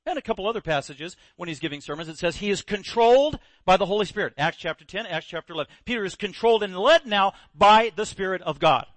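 A man's voice: sits high, fast, hardly any pauses, no echo. A man preaching a sermon, telling a story with energy and acting out the quoted voices. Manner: animated storyteller, acts out quotes. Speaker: pastor.

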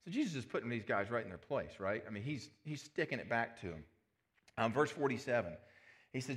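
A man's voice: medium pitch, expressive, fairly quick. A man preaching a sermon as pastor, conversational, with asides and rhetorical questions.

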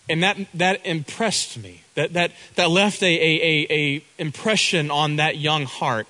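Forceful, earnest male preacher. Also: a little high, poor audio. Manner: earnest, repeats and restarts words. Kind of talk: sermon.

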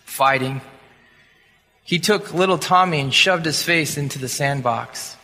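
A man's voice: a little high, a little slow, pushed and bright, heavily acted. Brief: man voicing a curt, stern schoolteacher in a sermon story, long hall reverb.

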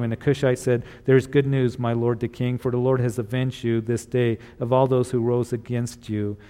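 A man preaching a sermon, reading scripture and retelling it in casual words, then gently encouraging his listeners. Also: mid-range voice, long reverb tail. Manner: retells scripture in casual paraphrase with acted voices; earnest, encouraging. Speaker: pastor.

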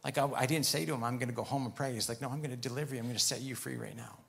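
A man's voice: mid-range voice, fairly even intonation, very fast, gravelly, a little hiss or hum. A man preaching a sermon, telling a story and retelling conversations as he goes, then turning firm and emphatic on commands.

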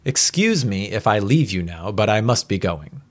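A man voicing a gruff, impatient wealthy husband in a read-aloud story. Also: fairly low pitch, big pitch swings, normal speed. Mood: grumpy. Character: grumpy wealthy middle-aged husband.

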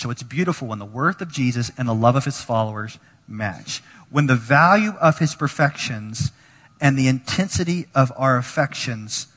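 A man preaching a sermon as pastor, animated, acting out quoted voices and dropping to near whispers. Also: medium pitch, big-room sound.

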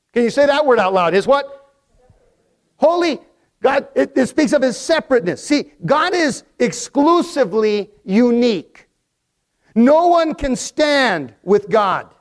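A male pastor preaching a sermon, building emphatic crescendos and calling for congregation responses. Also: very high-pitched.

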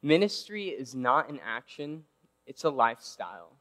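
A man's voice: medium pitch, big pitch swings, normal speed, a bit bright. Man, casual sermon, conversational, mid-range voice, long hall reverb. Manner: conversational, keeps asking "right?". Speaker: preacher.

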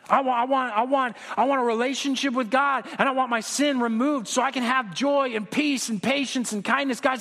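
A man's voice: high voice, fairly bright tone. A man preaching a sermon as pastor, casual and conversational, acting out little prayer dialogues. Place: church sanctuary. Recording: long hall reverb.

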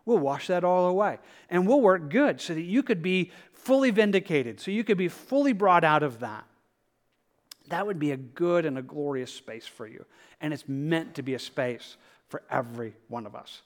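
A man preaching a sermon as pastor, earnest and repetitive, often dropping to a soft, gentle tone. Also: fairly high pitch, expressive, moderate pace. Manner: earnest, repetitive, drops to soft tones for quoted prayer.

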